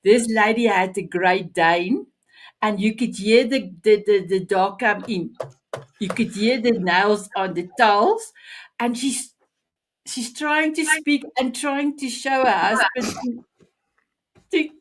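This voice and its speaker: A woman hosting an interview show, asking questions and telling a story in a halting way, often repeating words. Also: medium pitch, slight background noise. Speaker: show host.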